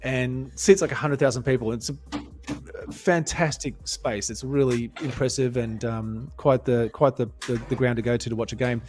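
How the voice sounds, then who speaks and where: Relaxed Australian man chatting. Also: medium pitch, normal speed, few pauses, music in the background. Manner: rambling, relaxed storytelling. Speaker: esports race co-host. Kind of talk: casual chat.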